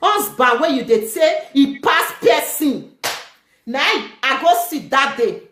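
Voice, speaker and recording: Fiery high-pitched Nigerian Pidgin woman. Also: slow, reverberant, a little hiss or hum. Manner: animated, scolding, shouting at times. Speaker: guest telling her story. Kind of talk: heated live-stream talk.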